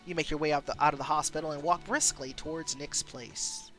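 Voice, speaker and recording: A woman streamer reading an interactive story game aloud, expressive, with wry asides. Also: deep voice, brisk, faint music behind.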